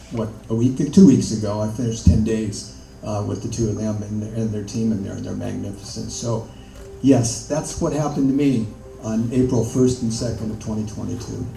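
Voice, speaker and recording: A man's voice: fairly low pitch, creaky, warm tone. Older guy telling his story, lots of ums and laughs, echoey room, mic kinda far. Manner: halting, with many fillers and laughs. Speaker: interview guest. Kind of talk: conversational storytelling.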